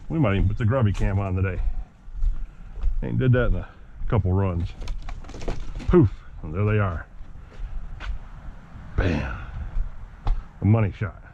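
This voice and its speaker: A man with a low voice chats to his viewers in a loose, joking way as he packs his gear. The audio sounds dull and lo-fi, with clear noise running behind him. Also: a little slow, pauses often. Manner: chatty, jokey, talks to viewers as guys and boys. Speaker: RC hobby vlogger. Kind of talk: casual vlog chat to camera while packing gear.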